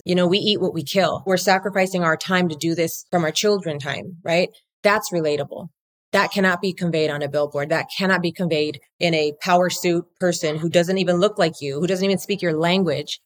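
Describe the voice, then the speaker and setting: A woman who co-founded a law firm, talking energetically and bluntly as an interview guest, now and then swearing and mimicking other people's voices. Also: lowish voice. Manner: swings into acted quotes of others. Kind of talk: casual interview talk.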